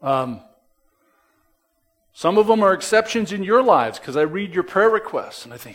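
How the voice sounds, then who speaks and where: Preaching to his congregation, a pastor with a high, sing-song voice moves at a moderate pace, leaving long pauses. He's emphatic yet conversational, swinging from loud stresses to soft drops and tossing asides to the listeners.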